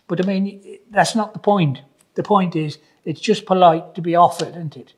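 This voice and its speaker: A man's voice: high voice, normal speed. A man, a tradesman co-hosting a podcast, telling a story in a rambling, hesitant way. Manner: rambling, hesitant, lots of fillers and restarts. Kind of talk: casual chat.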